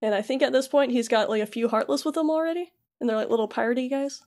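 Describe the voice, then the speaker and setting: A young woman recaps a video game for her podcast co-host. Her voice sits a little high, and her telling rambles along on fillers and restarts. She drops short, casual impressions of the characters into the story. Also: quick pace, darkish tone.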